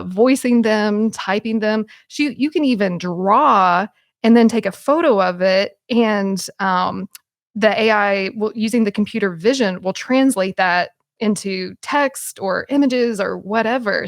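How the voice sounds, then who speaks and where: Animated woman guest, dry close sound. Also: mid-range voice, gravelly, dry recording. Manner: animated, many fillers and restarts. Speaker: podcast guest. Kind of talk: casual conversation.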